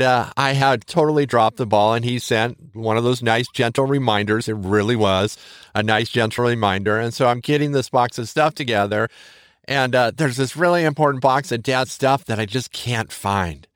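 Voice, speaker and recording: Talking at a moderate pace, the host has a clear, resonant, medium-pitched voice captured at studio quality with no echo. This middle-aged man chats casually and candidly on his own podcast, rambling and self-deprecating.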